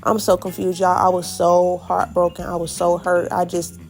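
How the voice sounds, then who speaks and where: A young woman tells a storytime vlog in a casual, animated way, talking straight to her viewers and acting out what people said. Her voice sits fairly low with a gravelly fry, and soft music plays underneath. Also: normal speed. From Florida. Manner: animated, addresses viewers as y'all, acts out quotes. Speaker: vlogger.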